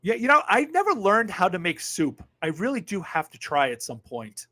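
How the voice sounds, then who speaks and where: Fifty-something guy streaming live, kinda high voice, mutters then gets loud, swears a lot. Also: normal speed. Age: 50s. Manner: sardonic, animated, swears freely, shifts between muttering and loud outbursts. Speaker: livestream host. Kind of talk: casual live chat reading viewer comments.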